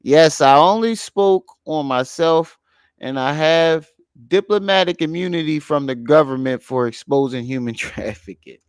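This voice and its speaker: Slow, mocking reaction host. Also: male voice, a little high, smooth, no echo, clean studio sound. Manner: mocking, laughs, slangy. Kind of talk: casual reaction commentary.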